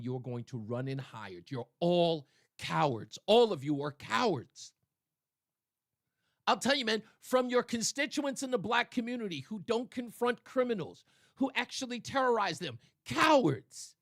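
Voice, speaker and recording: A man's voice: high-pitched, very animated, moderate pace, a bit bright, no room sound. A male talk radio host giving sarcastic, mocking political commentary on a studio mic.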